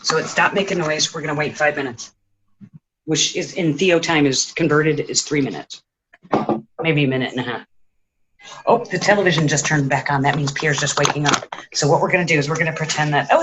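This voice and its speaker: A man's voice: on the high side, brisk, noisy background. A man chatting casually through a home cooking vlog, making joking asides and talking to his cat in his kitchen. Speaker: home cook vlogger.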